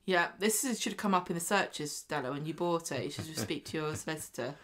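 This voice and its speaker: A woman co-hosting a podcast, chatting casually with quick, joking interjections. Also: low-pitched, lively intonation, a bit bright. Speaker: podcast co-host. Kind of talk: casual chat about a soap opera.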